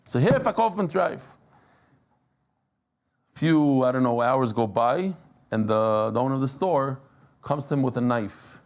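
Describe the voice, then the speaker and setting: A man giving a lively Talmud class, telling stories and joking with the people in the room. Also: medium pitch, moderate pace, clean tone. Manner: animated, joking, mixes Yiddish and Hebrew terms. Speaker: daf yomi teacher. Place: class with live audience.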